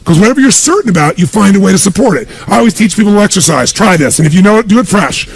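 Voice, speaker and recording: A man's voice: high voice, lively intonation, racing, creaky, breathy edge. A man giving a live motivational seminar speech, speaking emphatically and quizzing the crowd with call-and-response questions.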